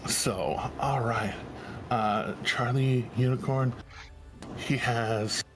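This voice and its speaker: A man's voice: medium pitch, very slow. A man running a tabletop game as game master, narrating in a rambling way with swearing and laughing asides. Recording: faint background music.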